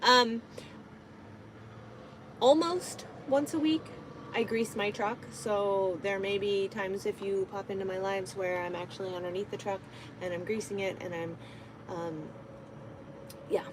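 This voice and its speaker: Slow, chatty woman streaming from her truck. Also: mid-range voice, steady tone, background noise. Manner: chatty, rambling with many ums, talks to her cat. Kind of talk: casual live stream chat. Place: inside a truck cab.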